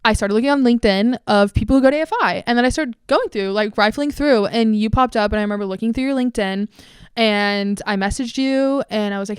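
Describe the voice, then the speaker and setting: A woman's voice: on the high side, fast talker, clean tone, no echo, studio quality. A young woman in her twenties hosting a podcast, gushing and emotional in casual chat, swearing freely. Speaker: podcast host.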